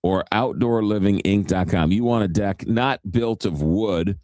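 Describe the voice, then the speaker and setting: A man's voice: lowish voice, unhurried, darkish tone, dry recording, clean studio sound. A man hosting a casual morning radio show, joking with co-hosts and dropping into comic voices. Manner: jokey, slips into comic voices and accents.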